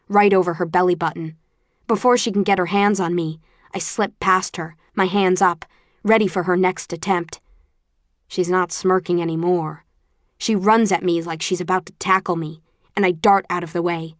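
Female audiobook narrator with a lower register; dry, close delivery that stays measured and sometimes falls almost to a whisper. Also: fairly even intonation, dry recording. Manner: low-key, measured, dropping to near whispers. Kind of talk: first-person audiobook narration.

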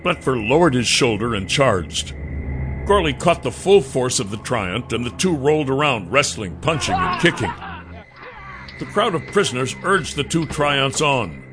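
A man's voice: mid-range voice, sing-song, normal speed, music in the background. A man narrating a fantasy audiobook with dramatic storytelling.

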